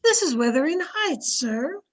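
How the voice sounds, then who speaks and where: A woman's voice: sits high, very animated, unhurried, poor audio. A woman playing a loyal, deferential housekeeper who narrates the story in an old-time radio drama. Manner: polite, deferential. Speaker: narrator and servant. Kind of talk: 1930s-style radio drama acting.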